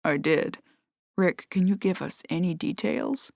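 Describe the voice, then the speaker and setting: Woman doing a gentle hesitant lawyer. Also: fairly low pitch, measured pace, vocal fry, no echo, studio quality.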